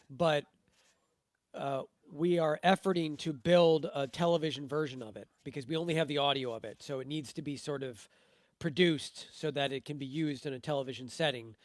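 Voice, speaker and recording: A man co-hosting a live golf talk show, relaxed and chatty. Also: a little high, dry recording, studio quality. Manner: relaxed and chatty, speaks while eating. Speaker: co-host.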